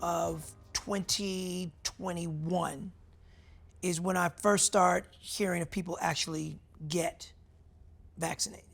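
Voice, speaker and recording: A man with a gravelly, creaky voice in an easy back-and-forth. He jokes and teases good-naturedly while keeping the chat candid. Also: high-pitched, steady tone, takes it slowly, a bit bright, soft background music. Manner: playful, joking, teasing. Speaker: actor in conversation. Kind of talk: candid conversation.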